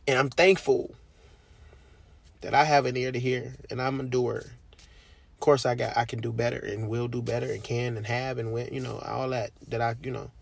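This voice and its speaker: A man hosting a podcast, talking about his faith in a heartfelt, animated way, using slang and laughing often. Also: medium pitch, creaky, slightly rough, no echo. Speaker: podcast host. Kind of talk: casual faith talk.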